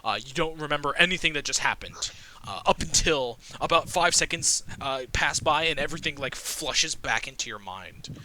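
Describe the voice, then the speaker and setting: A young man narrates a tabletop game as game master. His voice is very bright and cutting, with a fairly high pitch that swings widely. He halts often and searches for his words. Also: animated, a little hiss or hum, low-quality recording. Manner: halting, searching for words with many fillers.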